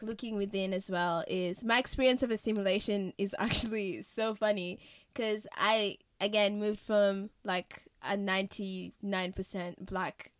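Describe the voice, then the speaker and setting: A woman's voice: medium pitch, dry recording. A young woman from Kenya with a slightly Australian-tinged Kenyan accent, hosting a casual podcast chat and telling stories with acted-out quotes and frequent laughs. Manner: animated storyteller, acts out quotes, laughs often. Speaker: podcast host.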